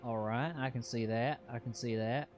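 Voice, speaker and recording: A man giving casual live commentary while playing a video game. He swears freely and yelps and shouts at what happens on screen. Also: mid-range voice, fairly even intonation, moderate pace, dull audio. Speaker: game streamer. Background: game music.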